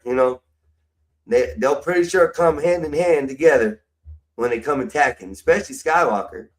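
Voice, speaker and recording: A middle-aged American man ranting casually on a live stream, profane and rambling, his voice jumping between loud bursts and mumbles. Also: medium pitch, moderate pace, rough recording. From United States.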